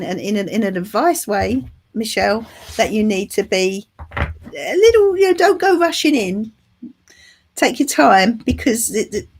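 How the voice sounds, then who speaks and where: Fairly high-pitched yet darkish and husky, this middle-aged Englishwoman's voice carries her live tarot reading as she recovers from the flu. As channel host, she chats affectionately, calling viewers "love" and "darling."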